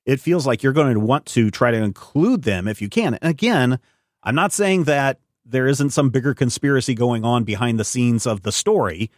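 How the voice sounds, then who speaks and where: A man co-hosts a casual comic review chat. He talks in a rambling, animated way and often circles back to correct himself. His voice sits close to the mic with no room sound. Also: medium pitch, moderate pace, no room sound. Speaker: podcast co-host.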